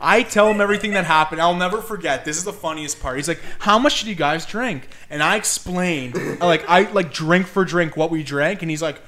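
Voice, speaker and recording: A young man telling a story in casual chat, animated and swearing freely as he acts out quotes. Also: a little high, brisk, hardly any pauses.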